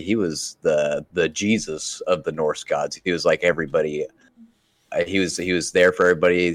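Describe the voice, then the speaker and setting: A man's voice: extremely low pitch, no echo. A man co-hosting a casual gaming podcast, rambling and laid-back with plenty of swearing. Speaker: podcast co-host.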